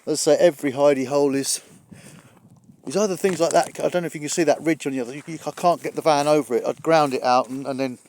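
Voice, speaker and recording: A man's voice: a little high, steady tone, quick pace, darkish tone, a little hiss or hum. A middle-aged man vlogging casually outdoors as he walks up a hill, rambling with dry humour and somewhat out of breath. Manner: rambling, chatty, dry humour, swears mildly. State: out of breath from climbing. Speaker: travel vlogger. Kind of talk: casual walking vlog. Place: outdoors on a hillside near water.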